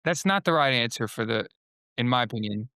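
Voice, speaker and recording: A man's voice: mid-range voice, lively intonation, fairly quick, sharp tone, smooth, no echo, clean studio sound. A man, a guest singer and worship leader, talking in a loose, rambling way full of fillers and quoted asides. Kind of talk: casual podcast conversation.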